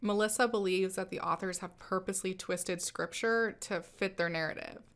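A woman's voice: mid-range voice, steady tone, moderate pace, a bit bright. A woman hosting a commentary channel, narrating a scripted critique in a wry, skeptical manner.

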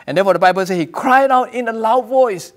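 Talking fast in a high register, a pastor preaches earnestly, often repeating himself and starting phrases over. When scripture has someone crying out, he lifts his voice to quote it.

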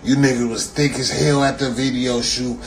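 A man's voice: mid-range voice, level tone, moderate pace, a little hiss or hum. A man delivering a profane, mocking comedic rant, repeating himself for laughs. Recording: echoey room.

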